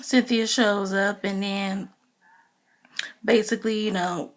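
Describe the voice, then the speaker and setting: A woman's voice: mid-range voice, steady tone, slow pace. A woman giving a casual, gossipy recap of a reality TV episode, talking loosely with lots of "you know" fillers. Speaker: TV show reviewer.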